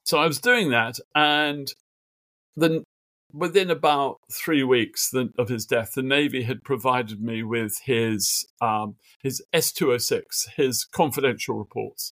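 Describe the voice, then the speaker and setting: A man's voice: medium pitch, measured pace, no room sound. A middle-aged man, a guest biographer, telling stories in a remote interview from his home office desk, with lots of fillers and acted-out quotes. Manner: animated anecdotes with acted quotes, many fillers. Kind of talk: conversational interview storytelling.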